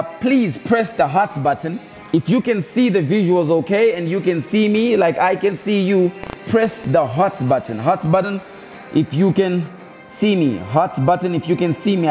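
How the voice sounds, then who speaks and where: A man's voice: a little high, darkish tone. A man hosting a live stream, chatting casually with viewers and repeating his calls to them. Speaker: live show host.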